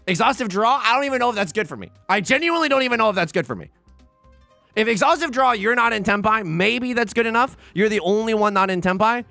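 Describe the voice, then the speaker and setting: A young man commentating his own game as he plays, anxious and pleading, often begging out loud and exclaiming. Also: on the high side, animated, rapid-fire, gravelly, faint music behind. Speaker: let's play host. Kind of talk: live gameplay commentary.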